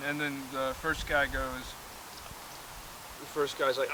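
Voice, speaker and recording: Man recapping a movie, casual, rambling, fillers, slow, noisy outdoor background. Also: mid-range voice, level tone, pushed and bright. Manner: rambling, many filler words and restarts.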